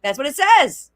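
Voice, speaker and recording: A woman's voice: on the high side, bright, forceful tone. A middle-aged woman coaching parents in a chatty live-streamed talk, often speaking in a child's voice. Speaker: speech coach.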